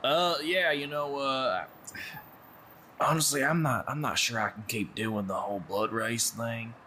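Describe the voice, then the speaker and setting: A man's voice: medium pitch, a little slow, bright, forceful tone, a little hiss or hum. A man playing a tabletop game, speaking awkwardly with stammers. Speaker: player. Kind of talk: tabletop role-play chat.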